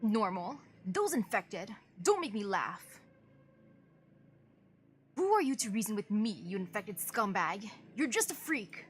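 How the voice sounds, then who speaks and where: A woman voicing a wary, hostile male village farmer who speaks defensively and gruffly while reading a game's story aloud. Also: medium pitch, sing-song, normal speed, a little hiss or hum, close to an everyday voice. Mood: scornful. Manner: defensive and gruff, turning scornful.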